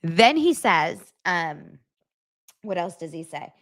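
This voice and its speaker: A woman's voice: on the low side, big pitch swings, slow pace, a bit bright, no room sound, clean studio sound. A young adult woman hosting a celebrity gossip show, talking in a gushing, dramatic way with exaggerated reactions. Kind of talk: casual gossip commentary.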